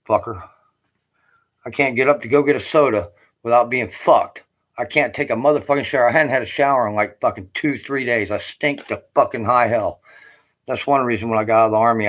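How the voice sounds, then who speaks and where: A man's voice: medium pitch, a bit bright, poor audio. A man in his late fifties, an army veteran, ranting on in a rambling, aggrieved and heavily profane way. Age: 50s. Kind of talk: rambling personal rant.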